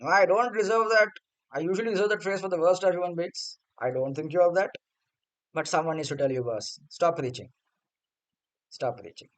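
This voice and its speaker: Man, cricket vlogger, blunt and sarcastic rant, high-pitched and smooth. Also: a little fast, low-quality recording. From India. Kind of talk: opinion rant to camera.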